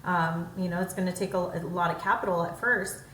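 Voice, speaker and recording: A woman co-hosting a podcast in casual chat, animated, jumping high in pitch when acting out her own thoughts. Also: a little fast. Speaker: podcast co-host. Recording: echoey room, off-mic, faint background hum.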